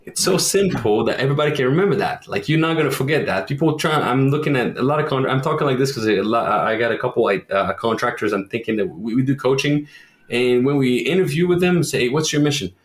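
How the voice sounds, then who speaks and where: A man's voice: medium pitch, quick pace, echoey room. A man from Quebec, a roofing company owner, talking in a casual podcast interview and acting out quoted voices as he tells stories. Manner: animated storyteller who acts out quoted voices.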